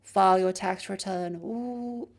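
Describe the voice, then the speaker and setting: A woman's voice: mid-range voice, moderate pace. A woman streaming live, chatting casually and joking as she moves a handheld mic around to test it. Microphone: handheld mic moved around while testing.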